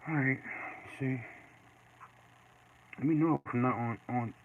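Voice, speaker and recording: A man casually chatting while he draws live, reading and answering viewer comments in a relaxed way. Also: mid-range voice, unhurried. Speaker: artist streaming live. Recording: dull lo-fi with faint noise.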